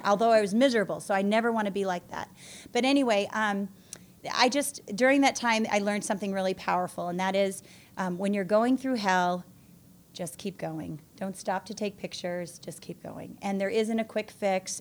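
A woman telling her own story at a support group meeting in a candid, self-mocking way. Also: medium pitch. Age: adult mother. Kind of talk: personal recovery testimony.

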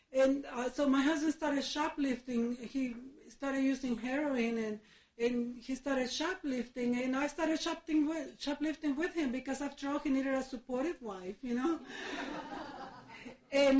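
A middle-aged woman from Mexico giving a halting personal testimony, full of fillers and restarts, laughing through painful memories. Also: high-pitched, darkish tone. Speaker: speaker sharing her recovery story. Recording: echoey room, dull lo-fi sound.

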